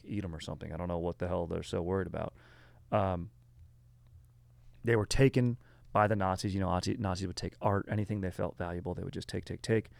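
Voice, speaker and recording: A man's voice: on the low side, vocal fry, darkish tone, no echo. A man hosting a podcast, telling a history story in a rambling, slangy, casual way full of fillers. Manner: rambling, filler-heavy, slangy, says dude and bro.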